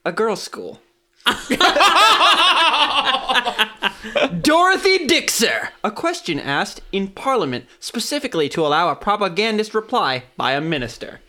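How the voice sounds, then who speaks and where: A woman hosts a casual podcast with a lively voice that rises and falls freely. Her tone is bright and clear. She reads listener letters aloud and breaks into laughter often. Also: lowish voice, a little fast, hardly any pauses. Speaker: podcast host reading listener mail. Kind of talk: casual chat.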